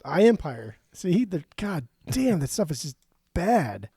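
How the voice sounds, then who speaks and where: A man's voice: fairly high pitch, very animated, a little slow, warm tone, husky, no echo, studio quality. A man co-hosting a podcast, bluntly and sarcastically criticizing songs with frequent swearing. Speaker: podcast co-host. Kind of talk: casual music discussion.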